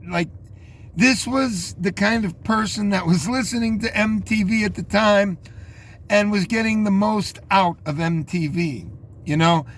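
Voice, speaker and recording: A man in his fifties hosting a casual commentary, rambling with many fillers and restarts. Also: high-pitched. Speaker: host.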